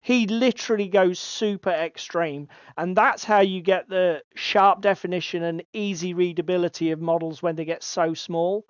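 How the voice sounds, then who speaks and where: A man's voice: high-pitched, fairly even intonation, normal speed, few pauses, smooth, no echo. A man hosting a casual hobby podcast, chatty and given to swearing. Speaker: podcast co-host. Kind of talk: casual chat. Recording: slightly dull lo-fi audio.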